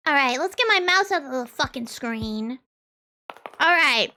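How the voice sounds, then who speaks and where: A woman's voice: high voice, expressive, a little slow, pushed and bright. A young woman streaming a game in casual chat, chaotic and playful, trailing off and restarting with silly bits. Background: faint music.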